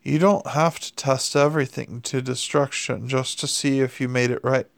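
A man's voice: mid-range voice, steady tone, moderate pace, creaky, no room sound, close to an everyday voice. A man voicing a sardonic male demon who talks in a wry, pushy way in an audiobook reading. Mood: pleading.

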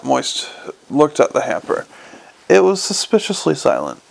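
Very gravelly man reading a novel aloud. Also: fairly high pitch, measured pace. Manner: even storytelling with small slips. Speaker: audiobook reader.

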